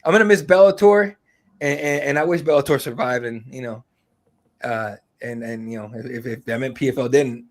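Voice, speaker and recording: A man's voice: mid-range voice, brisk. A man telling rambling fight stories in a casual podcast chat, full of fillers and swearing. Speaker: MMA reporter, guest.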